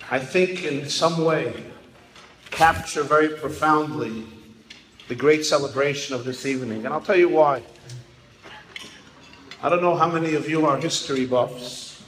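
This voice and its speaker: A man telling anecdotes and speaking with emphasis to an audience at an evening celebration. His voice sits a little high for a man. It rings out in a large hall with long reverb and faint ambience. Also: noisy background. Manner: storytelling, emphatic.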